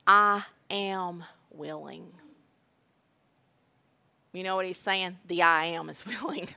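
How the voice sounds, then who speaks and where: A woman preaching a sermon, emphatic and deliberate, repeating key phrases. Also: medium pitch, pushed and bright.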